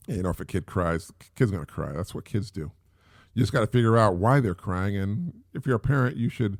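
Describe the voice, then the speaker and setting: A man's voice: fairly low pitch, darkish tone, no echo, studio quality. A middle-aged man hosting a solo podcast, talking in a rambling, casual way with many fillers and repeats. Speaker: podcast host.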